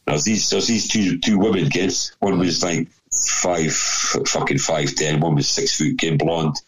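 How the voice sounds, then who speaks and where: Deep-voiced man spinning a sweary yarn. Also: steady tone, a little slow, low-quality recording. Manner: sweary, rambling, laughing storyteller. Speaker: storyteller. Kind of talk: casual anecdote.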